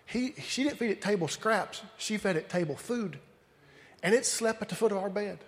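A man doing an old grandpa, calm. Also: sits high, in a large hall. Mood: matter-of-fact. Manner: unhurried, plain-spoken folk wisdom.

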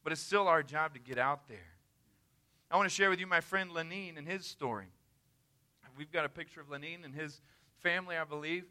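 Male missionary preacher, emphatic storyteller, sharp, ringing tone. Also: on the high side, fairly quick. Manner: earnest, emphatic, conversational. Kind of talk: sermon storytelling.

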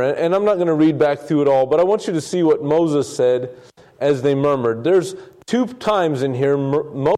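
Man preaching with a mellow voice. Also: medium pitch. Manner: conversational, repeats words, dramatizes quotes. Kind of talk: sermon, Bible study teaching.

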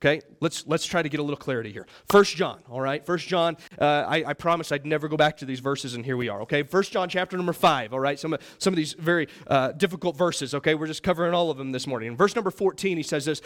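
A young man preaching a sermon as pastor, earnest and emphatic, often checking in with the congregation with "all right?" and "okay?", his voice rising when he mimics others and dropping low for prayers. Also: lively intonation, quick pace, hardly any pauses, a bit bright. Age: young adult.

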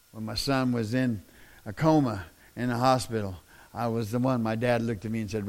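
A middle-aged man preaching a sermon in a folksy, plain-spoken way that swells into loud, impassioned shouting. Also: mid-range voice, fairly even intonation, fairly quick. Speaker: pastor.

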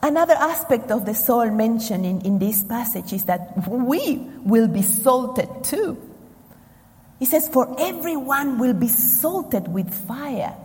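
Woman preacher from Argentina, fairly high, mellow voice, deliberate and emphatic delivery, sermon in a reverberant hall. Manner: slow, emphatic preaching with dramatic pauses.

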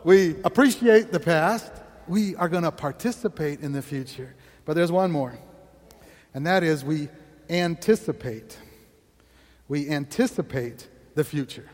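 High, lively male pastor preaching. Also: in a large hall. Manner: energetic, exclamatory, laughs often. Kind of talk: sermon.

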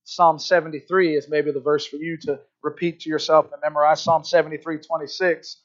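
High-voiced preacher, earnest and conversational. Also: male voice, steady tone, a little fast, hardly any pauses, fairly bright tone, highs cut off. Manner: earnest, conversational, frequent "right?" asides. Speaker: pastor. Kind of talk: sermon.

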